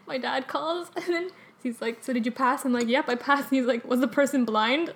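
A young woman telling a story in casual chat, animated and full of "like" and laughter. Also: high-pitched, fairly quick, gravelly, a little hiss or hum.

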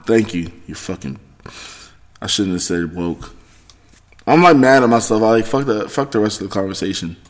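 A man hosting his own podcast, talking in a rambling, profane monologue that swings between loud excitement and low mutters. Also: fairly quick, slight background noise. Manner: rambling, heavy swearing, self-correcting. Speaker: podcast host. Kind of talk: casual solo monologue.

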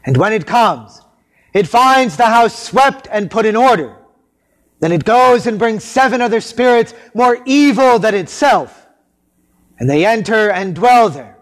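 A man reading the Gospel at a liturgy in a measured, solemn cadence. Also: high voice.

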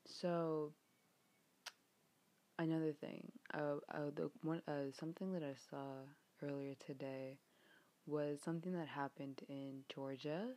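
A young American woman ranting in a frustrated, exasperated way, swearing often, her voice getting a bit hoarse. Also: deep voice, fairly even intonation, measured pace, darkish tone. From United States. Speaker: vlogger. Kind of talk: rant vlog.

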